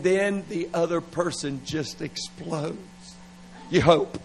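A middle-aged man preaching at a revival service, animated and playful, with laughing asides. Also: a little high, measured pace, a little hiss or hum, low-quality recording. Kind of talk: revival sermon.

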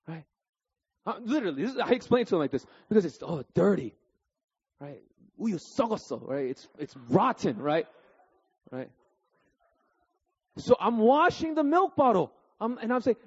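A man in his thirties delivers a sermon in a rather high, breathy voice. He tells stories in a lively, animated way, often checking in with his listeners with a quick "right?". The recording sounds dull and muffled. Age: 30s. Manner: animated storytelling, keeps asking "right?". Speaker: pastor.

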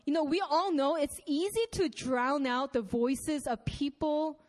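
Young woman, high voice, casual sermon, conversational, fillers, scripture reading. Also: a little slow, darkish tone. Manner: conversational, many fillers and asides; reads scripture aloud. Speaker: preacher.

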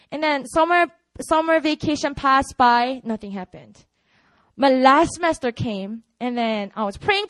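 High-voiced Korean woman sharing testimony. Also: moderate pace, dry recording, rough recording. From South Korea. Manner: animated storytelling, frequent "you know" fillers. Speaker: ministry worker giving a testimony. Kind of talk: personal testimony to a church.

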